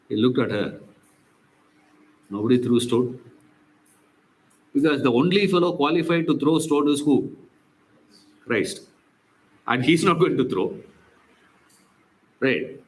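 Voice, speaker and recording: A man's voice: medium pitch, takes it slowly, long pauses, low-quality recording. A man teaching a scripture class, telling stories with emphatic rhetorical questions. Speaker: spiritual teacher.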